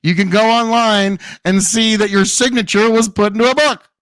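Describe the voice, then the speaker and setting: A man's voice: high-pitched, fairly even intonation, moderate pace, a bit bright, no room sound. A male debate show host arguing in a combative, sarcastic way.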